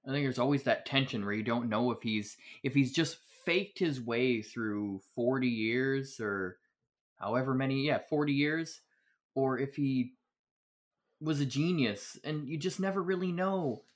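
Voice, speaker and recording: A man on a casual podcast, telling stories in an animated way and acting out what others said. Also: mid-range voice, unhurried. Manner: animated storyteller, acts out quotes. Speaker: podcast guest.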